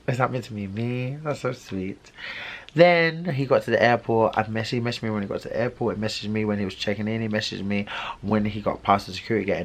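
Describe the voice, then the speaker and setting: Animated young man telling a story. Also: fairly low pitch. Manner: animated, dramatic retelling with quoted dialogue. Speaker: vlogger. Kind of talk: storytime vlog.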